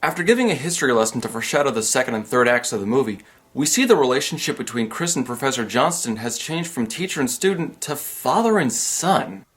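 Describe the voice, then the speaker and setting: A man narrating a comedic film review with a lively, sarcastic delivery. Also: mid-range voice, fast, slightly rough.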